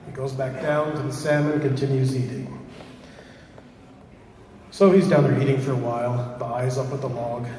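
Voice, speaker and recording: Male live storyteller, lively, talks to the crowd; far mic, big echoey hall. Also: mid-range voice, moderate pace, pauses often, soft background music. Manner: lively, asks the audience questions. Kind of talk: oral storytelling to a live audience. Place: large hall with a live audience.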